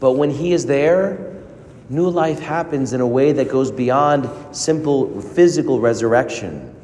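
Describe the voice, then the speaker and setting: A man preaching a sermon as a priest, earnest, with dramatic pauses and rising emphasis. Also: mid-range voice, a little mellow. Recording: long reverb of a large hall.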